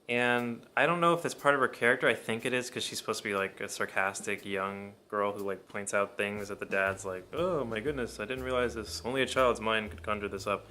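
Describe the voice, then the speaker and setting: A man's voice: on the low side, bright, forceful tone, a little hiss or hum. A man giving a casual, rambling film review, blunt and full of cursing. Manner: blunt, profane, rambling opinions.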